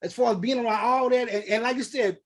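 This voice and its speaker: High-voiced animated man hosting a chat. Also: fast talker. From St. Louis, USA. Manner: animated storyteller, acts out quotes, laughs often. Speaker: podcast host. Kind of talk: casual interview chat.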